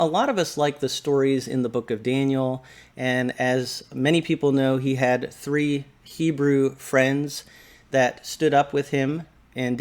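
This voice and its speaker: Chatty man hosting a casual explainer. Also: mid-range voice. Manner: conversational and light-hearted, asks viewers questions. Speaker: video host discussing Bible pronunciation. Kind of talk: casual explanatory talk to camera.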